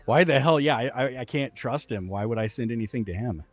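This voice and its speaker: A man's voice: mid-range voice, lively intonation, fast, faint music behind. A middle-aged man talking casually as an interview guest, blunt and profane, laughing easily.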